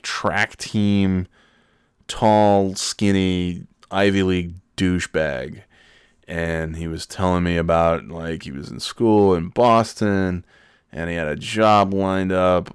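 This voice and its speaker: A man with a very low, resonant voice tells rambling stories in a sardonic, profane way. His delivery is smooth and dry, like a casual monologue. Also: no echo.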